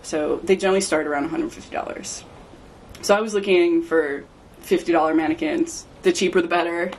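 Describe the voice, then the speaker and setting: A woman's voice: fairly low pitch, fairly even intonation, fairly quick, a little mellow, a little hiss or hum. A woman guest on a podcast, chatting casually and telling anecdotes with a laugh. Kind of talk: casual chat.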